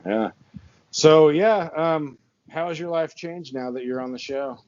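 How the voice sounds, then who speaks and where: A man's voice: on the high side, a little slow, a little mellow, highs cut off. Rambling man hosting a horror podcast. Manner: rambling, laid-back, lots of fillers and laughs. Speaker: podcast host. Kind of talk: casual chat. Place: his barn with the door open and a fan on.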